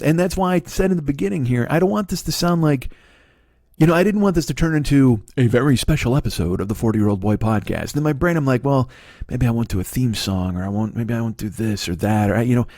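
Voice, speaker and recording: A man in his forties rants through a comedy podcast monologue, swearing freely and restarting his sentences in stammers. His voice is gravelly and husky, pitched somewhat high for a man. The sound is dry and close. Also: darkish tone, dry recording. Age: 40s. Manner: profane, rambling, stammering restarts. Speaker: podcast host.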